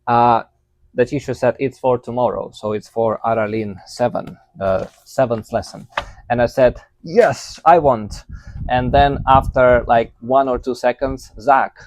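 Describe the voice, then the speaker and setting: A man's voice: medium pitch, fairly even intonation, moderate pace. A man recapping his language lesson in a casual way, thinking aloud with fillers and correcting his own pronunciation as he goes. He is a learner of Tagalog, not a native speaker.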